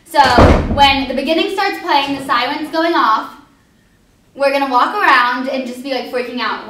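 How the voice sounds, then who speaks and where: A woman's voice: high voice, brisk, a bit bright. A young woman teaching a line dance step by step, upbeat and counting out the moves. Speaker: dance instructor. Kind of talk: instructional dance walkthrough. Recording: echoey hall, voice from far off.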